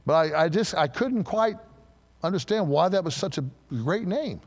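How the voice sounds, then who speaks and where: A pastor preaching an animated sermon in a large church, asking the congregation questions and building to forceful emphasis. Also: male voice, high-pitched, moderate pace, in a large hall.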